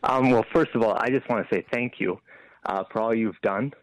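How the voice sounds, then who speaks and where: A man's voice: on the low side, fairly quick, low-quality recording. A man calling into a radio show, choked up and thankful. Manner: emotional, thankful. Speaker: caller.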